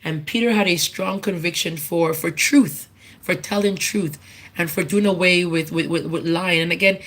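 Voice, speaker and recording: A woman's voice: on the low side, moderate pace, a bit bright. A woman giving an informal personal testimony at church, earnest and candid, often restarting and repeating herself as she searches for words. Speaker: church speaker giving a tribute.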